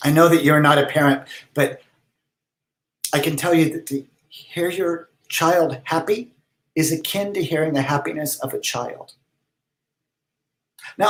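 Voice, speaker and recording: A man voicing an eccentric, pompous, flamboyant letter writer in a high, theatrical voice with drawn-out words, reading letters aloud for comedy. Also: a bit bright, low-quality recording.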